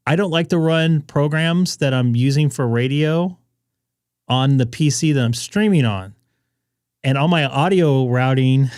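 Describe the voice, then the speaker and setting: Chatty ham radio host, dry sound. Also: male voice, medium pitch, darkish tone, clean tone, dry recording. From California. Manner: chatty, loose, many fillers. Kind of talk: casual on-air chat.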